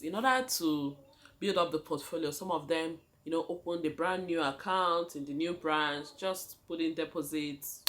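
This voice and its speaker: A young Nigerian woman vlogging about her life, her voice sitting a little low. She tells her story dramatically and with plenty of life, turning to her viewers again and again. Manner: animated, dramatic, addresses viewers as guys. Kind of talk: storytelling vlog.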